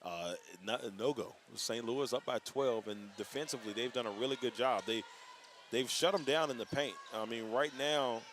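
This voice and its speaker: A man's voice: mid-range voice, normal speed, a bit bright, a little hiss or hum. Man calling a basketball game live. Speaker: play-by-play radio commentator. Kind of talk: live radio basketball commentary.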